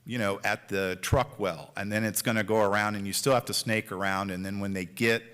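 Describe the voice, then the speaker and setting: A man's voice: fairly low pitch, fairly even intonation, fairly quick, fairly bright tone, clean tone. A man chairing a city planning board meeting, talking casually and acting out what drivers might say. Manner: chatty, acts out quoted drivers. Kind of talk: public meeting discussion. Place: city council chamber.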